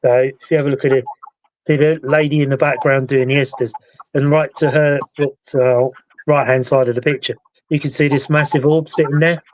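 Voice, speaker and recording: A British man hosting a casual live-stream chat about a paranormal investigation, talking in a relaxed, rambling way. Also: medium pitch, a little fast, poor audio. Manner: relaxed, chatty, recounts events at length. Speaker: paranormal investigator and show host.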